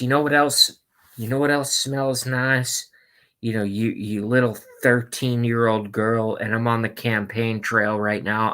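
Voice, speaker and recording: A man's voice: fairly low pitch, fairly bright tone. A man doing a comic impression of a confused, rambling elderly male politician. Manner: meandering, slow, free-associating.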